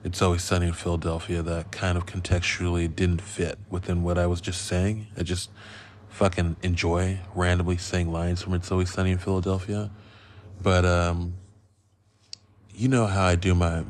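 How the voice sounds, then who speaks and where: A man hosting a casual film review podcast, rambling and profane, a bit loopy from being high. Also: level tone, moderate pace, a little hiss or hum. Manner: rambling, loose and profane, goes off on riffs. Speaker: podcast host.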